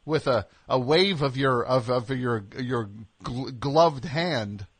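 A man's voice: medium pitch, takes it slowly, breathy edge, no room sound. A man hosting a comedic radio call-in show, sarcastic and mock-scolding with callers, rambling through fillers. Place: radio studio.

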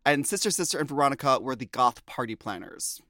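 A man co-hosting a podcast in casual chat, animated and quick to slip into impressions. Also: medium pitch. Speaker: podcast co-host discussing a TV show.

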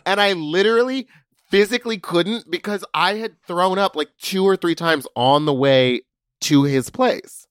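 A man co-hosting a podcast, telling stories in an animated, chatty way. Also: high voice, unhurried, smooth, no room sound, clean studio sound. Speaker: podcast co-host. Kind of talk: casual chat, storytelling.

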